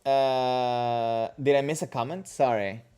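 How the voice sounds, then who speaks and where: A man's voice: medium pitch, steady tone, takes it slowly, dark tone, clear, resonant tone, soft background music. Rambling man hosting a livestream. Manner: rambling, with frequent restarts and a joking tone. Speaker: kendo livestream host. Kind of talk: casual livestream chat answering viewer comments.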